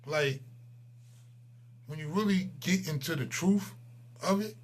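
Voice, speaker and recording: A man in his forties, a channel host, delivering a profane, heated ranting monologue that swings between loud outbursts and low mutters. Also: slow pace. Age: 40s.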